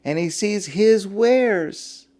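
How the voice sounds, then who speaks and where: Animated male rabbi telling a parable. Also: high voice, extremely slow. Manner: animated, expressive storyteller. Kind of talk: sermon storytelling.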